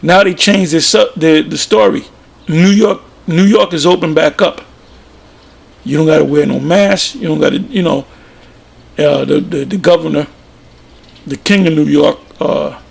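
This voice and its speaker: A man's voice: a little high, creaky, slightly rough. A man giving informal religious commentary, plain-spoken and emphatic, often repeating himself. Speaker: preacher.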